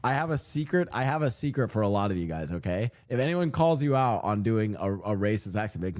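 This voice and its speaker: A man's voice: fairly low pitch, very animated, a little fast, hardly any pauses, darkish tone. A man streaming, reacting to clips in rambling, joking casual commentary with many restarts.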